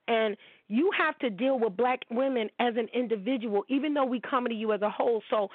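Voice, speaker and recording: A woman's voice: a little high, no room sound. A woman in her forties from the United States, hosting her own show and delivering a blunt, profane rant that calls people out. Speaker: podcast host. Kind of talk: ranting commentary monologue. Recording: tinny phone-like sound.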